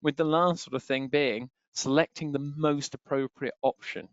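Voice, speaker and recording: A man talks students through exam tips in a chatty webinar manner, leaning on the same filler phrases again and again. His voice sits at an ordinary middle pitch. The sound is dry and a little muffled, like a webinar recording. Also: steady tone, normal speed, clean tone, dry recording. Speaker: exam tutor. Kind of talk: webinar teaching. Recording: dry, slightly dull webinar audio.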